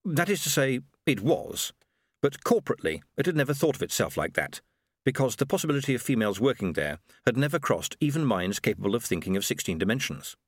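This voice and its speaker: A man narrating an audiobook with lively, expressive storytelling. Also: mid-range voice, quick pace, breathy edge, dry recording, clean studio sound. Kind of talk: scripted narration.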